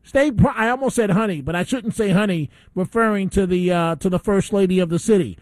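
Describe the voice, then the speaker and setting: A man's voice: high-pitched, fairly quick, few pauses, no room sound. A man hosting a call-in radio talk show, ranting indignantly and taking calls.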